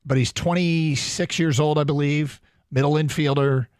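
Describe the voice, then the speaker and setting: A man's voice: on the high side, fairly even intonation, a little mellow, no echo, studio quality. Chatty male sports radio host. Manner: chatty, reads plugs quickly with fillers. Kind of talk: casual sports radio chat. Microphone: studio microphone.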